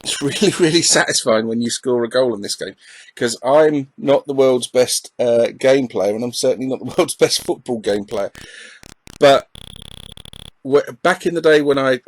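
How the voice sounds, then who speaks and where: A retro gaming YouTuber from England, a middle-aged man with an Essex accent, narrates gameplay in a chatty, self-deprecating way, peppered with ums and uhs. His voice sits in the mid range, and the recording is rough.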